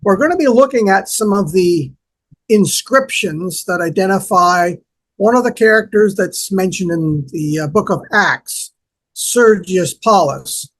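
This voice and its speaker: A Canadian man with a Canadian accent, a guest explaining things in a relaxed, friendly way with small hesitations. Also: high-pitched, measured pace, rough recording. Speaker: guest archaeologist. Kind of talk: interview chat and explanation.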